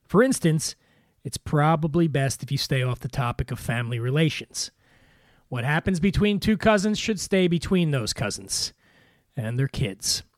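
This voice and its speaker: A man from Philadelphia hosting a podcast, a little weary, delivering a wry scripted comic monologue in a deadpan way. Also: a little high, no room sound, studio quality. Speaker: podcast host.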